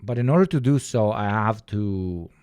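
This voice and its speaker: A man's voice: on the low side, expressive, normal speed, a little mellow, clean tone, dry recording, clean studio sound. A man streaming live, chatting to his viewers in a rambling, profane way with stammered restarts. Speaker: live streamer reacting to videos.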